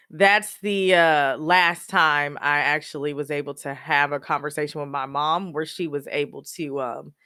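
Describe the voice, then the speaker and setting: A woman's voice: sits low, fairly even intonation, a little slow, pushed and bright, no room sound, studio quality. Chatty woman laughing through grief. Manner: laughs often while telling sad memories; many fillers like "you know" and "um". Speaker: podcast host. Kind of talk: personal storytelling, casual.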